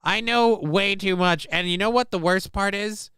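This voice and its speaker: A man runs a casual live stream, talking with a bright, sharp-edged voice that comes through crisp and smooth. He rambles and swears freely and makes fun of himself. The sound is dry and close on the mic, with no room echo. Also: sits high, moderate pace. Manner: rambling, sweary, self-mocking. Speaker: streamer host.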